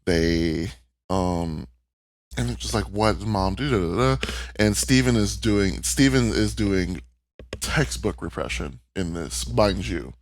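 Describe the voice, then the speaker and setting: A low-pitched man speaks slowly and expressively while co-hosting a podcast. In a casual chat recapping a cartoon, he talks candidly and emotionally and swears freely.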